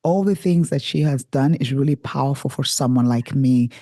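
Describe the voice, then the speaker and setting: A woman's voice: a bass voice, moderate pace, mellow, no room sound, clean studio sound. A woman hosting a podcast interview, speaking enthusiastically with effusive praise for her guest. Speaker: podcast host.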